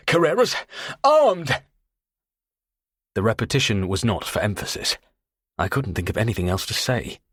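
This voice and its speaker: Deep, husky male audiobook narrator. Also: fairly bright tone, no room sound, studio quality. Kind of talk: first-person thriller narration.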